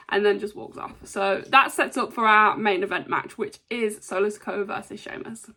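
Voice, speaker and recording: A woman casually recapping a wrestling show, chatty with lots of ums and quick impressions. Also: mid-range voice, fairly even intonation, bright, forceful tone. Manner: chatty, frequent ums, brief imitations of wrestlers.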